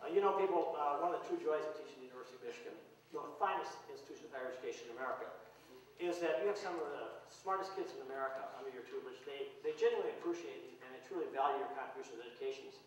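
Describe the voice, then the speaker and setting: A man's voice: medium pitch, very fast, distant mic. A man who teaches university English gives a humorous, sarcastic award acceptance speech to an audience in a large hall. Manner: sarcastic deadpan joking. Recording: echoey hall recorded from afar with noise.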